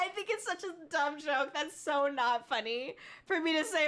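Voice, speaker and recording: A woman's voice: sits high, normal speed, fairly bright tone. A young woman streamer chatting casually with her viewers, laughing often and swearing now and then.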